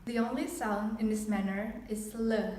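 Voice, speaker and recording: A woman student presenting a scripted phonetics lesson in a measured reading voice. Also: medium pitch, fairly even intonation, a little mellow, distant mic, slight background noise. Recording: echoey room, away from the mic.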